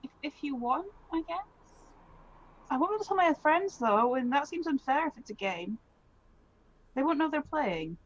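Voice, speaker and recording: Woman tabletop player, fairly high voice, hesitant and halting, dull lo-fi stream sound. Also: expressive. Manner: hesitant, stumbling over words. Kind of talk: playing a tabletop game.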